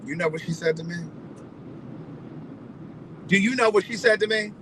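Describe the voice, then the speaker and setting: High-voiced guy spinning a story, lively and cussing, bright tone. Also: moderate pace, slight background noise, low-quality recording. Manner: animated, profane, repeats phrases for emphasis. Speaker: vlogger. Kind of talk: casual storytelling.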